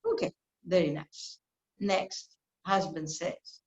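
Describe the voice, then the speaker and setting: A woman leads a reflective scripture class, her unhurried sermon-style delivery earnest and deliberate, now and then slipping into little acted-out quoted exchanges. Her voice rings around a roomy space. The recording itself sounds dull and lo-fi. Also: lowish voice, sing-song, darkish tone. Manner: slow, earnest teaching with playful acted-out quotes. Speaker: spiritual teacher giving a scripture class.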